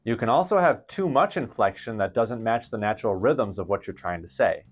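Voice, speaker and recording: A man hosting a theater camp lesson, explaining acting technique in clear, deliberate scripted narration. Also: on the low side, animated, highs cut off.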